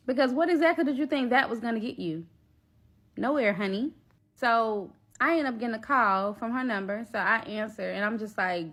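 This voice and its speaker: A woman's voice: a little high, moderate pace. A woman casually retelling a personal ordeal in a storytime vlog, blunt and profane, acting out the other people in it. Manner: blunt, profane, animated retelling with quoted voices.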